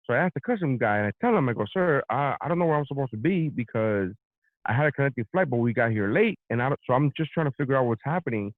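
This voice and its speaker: A man's voice: mid-range voice, quick pace, no room sound. Profane storytelling man on a tinny line. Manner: profane, animated, acts out both sides of anecdotes. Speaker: podcast host, comedian. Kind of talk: casual storytelling chat. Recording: dry phone-like sound.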